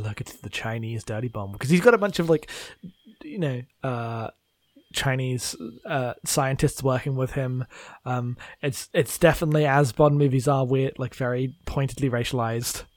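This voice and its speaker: A man's voice: medium pitch, animated, normal speed, darkish tone, no echo, clean studio sound. A man co-hosting a casual film discussion podcast, loose and laughing, swearing freely. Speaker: podcast co-host.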